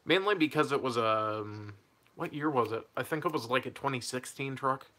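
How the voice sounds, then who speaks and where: A man's voice: mid-range voice, moderate pace, sharp tone. A young man telling a personal story in a casual, rambling way, laughing mid-sentence and losing his train of thought.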